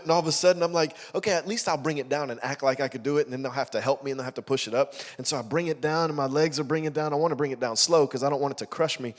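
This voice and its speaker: A young adult pastor tells a story from the pulpit with lively energy, loudly acting out the people he quotes. His voice sits a little on the high side for a man. The sound carries the long reverb of a large church hall. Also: very fast, few pauses. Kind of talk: sermon with a personal story. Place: church auditorium.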